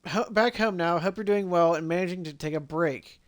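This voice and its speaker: A man's voice: sits high, brisk, close to an everyday voice. A man voicing a caring, worried mother who texts her son, read aloud plainly.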